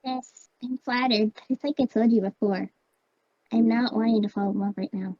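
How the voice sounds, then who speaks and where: Amy, a woman voicing a gentle lovelorn hedgehog girl. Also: on the high side, steady tone, normal speed, no room sound, lo-fi sound, close to an everyday voice. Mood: earnest. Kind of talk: amateur voice acting of a fan drama.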